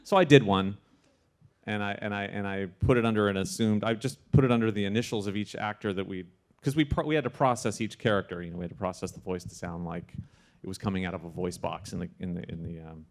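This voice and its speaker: Man, slightly low voice, casual interview guest, animated storytelling, lots of restarts. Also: quick pace. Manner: animated anecdote-telling with frequent restarts. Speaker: sound supervisor guest.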